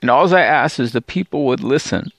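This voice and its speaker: A Bible teacher who hosts a religious video channel talks briskly in a slightly bright, medium-pitched voice, with no room sound. His emotional vlog is a pleading, discouraged monologue, riddled with stammered restarts and repeated appeals.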